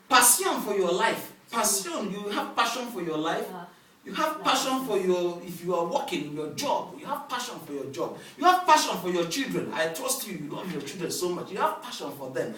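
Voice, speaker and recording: Animated preacher in an echoey church. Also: male voice, high-pitched, brisk. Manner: lively call-and-response preaching. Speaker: pastor. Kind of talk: sermon. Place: church hall. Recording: echoey hall, distant mic, faint noise.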